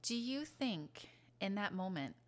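A woman's voice: mid-range voice, sing-song, measured pace. A woman co-hosting a podcast, speaking in an earnest, reassuring way in casual chat. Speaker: podcast co-host.

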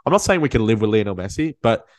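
Excitable man hosting a podcast. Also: lowish voice, quick pace, no echo. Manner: animated, repeats and restarts words often. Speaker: podcast host. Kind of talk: casual chat.

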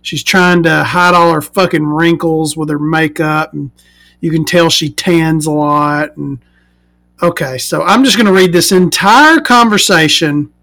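A woman's voice: low-pitched, vocal fry, a bit bright. A woman vlogger telling a story in a casual rant, sarcastic, profane and mocking.

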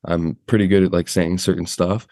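A man's voice: sits low, fairly quick, no room sound, studio quality. A man hosting a casual interview, chatting loosely with lots of filler words. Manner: relaxed, uses many fillers like "like". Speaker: podcast host.

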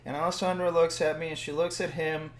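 Man, high voice, animated casual storyteller, from Puerto Rico, roomy echo. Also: fairly quick, a little hiss or hum. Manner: animated, builds to loud bursts when excited. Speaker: podcast host telling a story. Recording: roomy echoing room.

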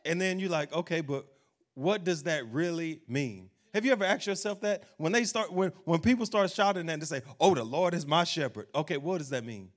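A man preaching a sermon, emphatic, slowing down to read scripture. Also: a little high, expressive. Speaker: pastor.

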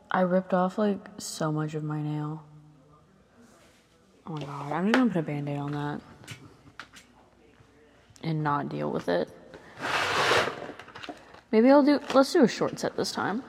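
A young woman in her twenties rambles casually into a close ASMR mic, her voice sitting a little low. She strings thoughts together with fillers and the odd curse, sometimes slipping into a whisper, with a long reverb trailing behind. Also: lively intonation, measured pace, vocal fry, pauses often, noisy background. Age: 20s. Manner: rambling and chatty, full of fillers and swearing. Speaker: ASMR creator.

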